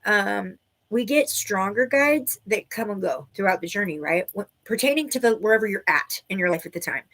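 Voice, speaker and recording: A woman's voice: mid-range voice, animated, normal speed, fairly bright tone. A woman teaching a live online tarot class and giving intuitive readings to viewers, talking loosely and searching for her words, with frequent "right?" asides.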